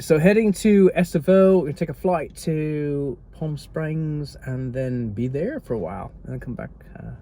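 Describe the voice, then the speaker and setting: A man's voice: medium pitch, warm tone, slight background noise. A man chatting casually as a travel vlogger, rambling and easily distracted, with dry joking asides. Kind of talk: casual vlog chat to camera.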